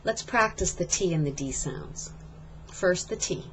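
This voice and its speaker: Slow, deliberate woman teaching pronunciation. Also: fairly low pitch, expressive, fairly bright tone, slight background noise. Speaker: accent reduction coach. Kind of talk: scripted pronunciation lesson.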